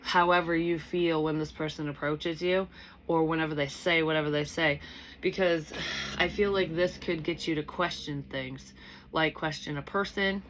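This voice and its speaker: Low-voiced woman rambling through a psychic reading. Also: fairly even intonation, normal speed, slight background noise. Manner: rambling, swears freely, thinks aloud with many restarts. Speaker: psychic medium reader. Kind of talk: casual spoken tarot reading.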